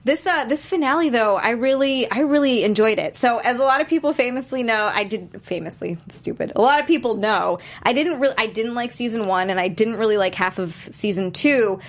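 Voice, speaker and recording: A woman's voice: fairly high pitch, brisk, hardly any pauses. A young woman hosting a casual chat about TV episodes, bubbly and laughing often. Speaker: host.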